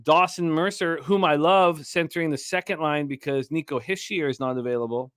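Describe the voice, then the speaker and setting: A man's voice: fairly high pitch, brisk, fairly bright tone, no room sound, clean studio sound. A man hosting a sports betting radio show, talking energetically, rambling and throwing in crude jokes.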